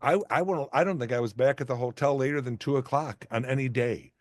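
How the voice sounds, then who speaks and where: A middle-aged man talks through anecdotes in a casual interview, self-deprecating and animated, often stopping and restarting mid-sentence. His voice sits in a medium register, and the sound is dry and close. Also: mid-range voice, fairly quick, dry recording. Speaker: actor and guest.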